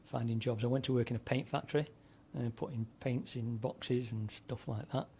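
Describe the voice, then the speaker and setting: Older man with a dark, mellow voice. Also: medium pitch, steady tone, moderate pace, vocal fry, a little hiss or hum. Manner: rambling anecdotal delivery with frequent fillers and restarts. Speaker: guest, former DJ and broadcaster. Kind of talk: conversational storytelling.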